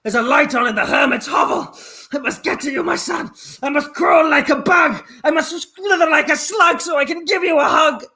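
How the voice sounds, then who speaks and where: A man voicing a frantic, careless mother who shouts for her toddler son in an improvised comedy scene. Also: very high-pitched, moderate pace, hardly any pauses, exaggerated voice.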